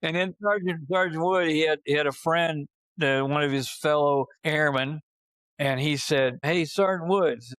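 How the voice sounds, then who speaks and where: A man's voice: fairly high pitch, level tone, normal speed, fairly bright tone, clean tone, no echo. Older man telling rambling stories. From Georgia. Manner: rambling, repeats and restarts phrases, chuckles through stories. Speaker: podcast guest storyteller. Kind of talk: casual storytelling.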